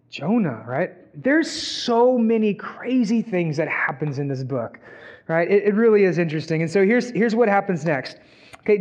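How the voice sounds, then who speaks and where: A man preaching a sermon in a conversational way, often checking in with the audience. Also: high-pitched. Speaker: pastor. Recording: dull, muffled sound.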